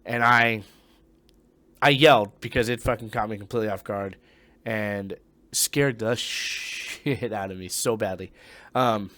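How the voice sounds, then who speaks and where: A young man, a former Marine, telling a ghost story in a casual, profane way, dropping to hushed tones and breaking into loud bursts. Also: lowish voice, unhurried, no room sound.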